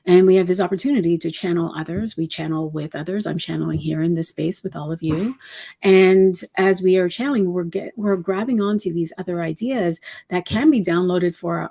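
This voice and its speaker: A woman giving a spiritual channeling talk as a numerology reader, speaking in a meandering, reflective and unhurried way with many soft fillers. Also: on the low side, gravelly, slightly rough.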